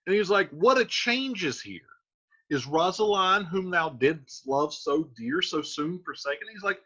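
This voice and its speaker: A man's voice: a little high, big pitch swings, measured pace, sharp tone, husky. A male teacher explaining a play line by line, reading verse aloud and then paraphrasing it casually. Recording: dull lo-fi recording.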